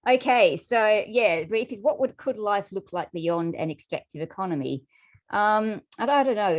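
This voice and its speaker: A woman with a low voice gives a guest talk over a video call, sharing slides as she goes. Her delivery is casual and a little hesitant, full of ums and light laughs. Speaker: guest speaker. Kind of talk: presentation with slides.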